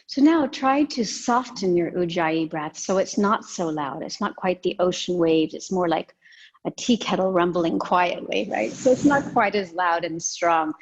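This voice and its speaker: A woman teaching a yoga and breathing class, giving calm, gentle cues with soft pauses. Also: on the low side, slightly rough, muffled recording. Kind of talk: guided yoga and breathing instruction.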